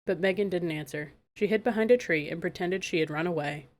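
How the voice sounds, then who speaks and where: A woman narrating a fairy-tale audiobook in a calm, measured way. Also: lowish voice. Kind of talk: storybook narration.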